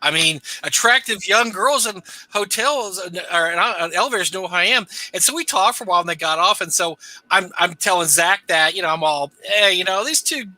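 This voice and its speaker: High bright-voiced guy, chatty cohost, dry close sound. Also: a little fast, no room sound, rough recording. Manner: chatty, self-deprecating, laughs at own stories. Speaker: co-host. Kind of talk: casual livestream chat.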